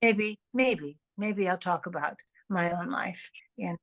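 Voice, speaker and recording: An older actress, a guest in an interview, talking in a rambling, animated way with many restarts and repeated words. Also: female voice, lowish voice, slow pace. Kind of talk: casual interview chat.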